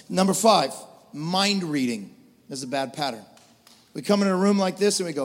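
A man preaching a sermon as pastor, animated, swinging from loud preaching to quiet storytelling. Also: high voice, moderate pace. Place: large church hall. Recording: reverberant church hall with soft music.

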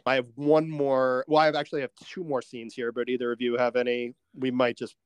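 A man co-hosting a casual movie podcast, relaxed and chuckling, peppering his talk with "like". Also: medium pitch, brisk, clear, resonant tone, no room sound. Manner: relaxed, chuckling, uses "like" a lot. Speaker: podcast co-host.

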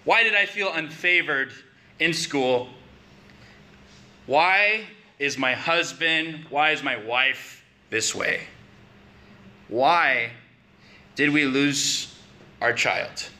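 A man's voice: on the high side, extremely slow, long pauses, bright, forceful tone. A man preaching a conversational sermon, building to emphatic questions.

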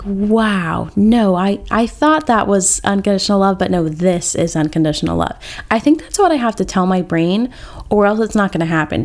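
A young woman talks through her thoughts on a solo podcast in a candid, chatty way. Her voice sits a little low, and she often stops to restart a sentence. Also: darkish tone. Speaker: podcast host. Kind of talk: casual solo podcast talk.

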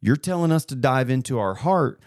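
A man in his thirties co-hosting a casual faith chat, retelling a conversation as a story with animated bursts. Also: mid-range voice, normal speed, no echo, studio quality. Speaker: podcast co-host.

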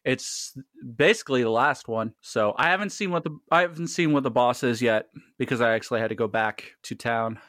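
A man's voice: medium pitch, a little fast, hardly any pauses, a bit bright, no room sound. A man co-hosting a casual gaming podcast who laughs often, swears, and tells stories with energy. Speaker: podcast co-host.

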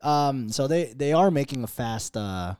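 A man's voice: mid-range voice, lively intonation, unhurried, darkish tone, clean tone, dry recording, clean studio sound. A young man co-hosting a podcast in casual chat, rambling in profane slang. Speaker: podcast co-host.

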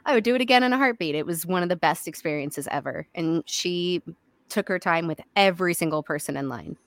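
Animated woman telling stories on a podcast. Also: lowish voice, fairly quick, no echo. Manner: animated storyteller who acts out quoted lines. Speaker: podcast guest, voice actor. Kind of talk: casual podcast chat.

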